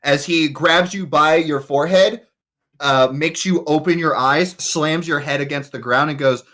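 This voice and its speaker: A man running a tabletop game as game master, narrating haltingly with many fillers. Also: on the high side, pushed and bright.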